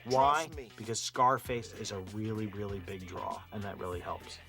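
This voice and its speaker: A man, a producer, speaking upbeat and quickly in an interview. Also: lowish voice, gravelly, over music. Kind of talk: interview talk.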